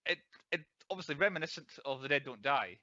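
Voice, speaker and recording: A man's voice: fairly high pitch, animated, quick pace, sharp tone, no room sound. A man co-hosting a casual film podcast, chatty and laughing often, stumbling over his words. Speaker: podcast co-host. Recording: slightly dull lo-fi dry sound.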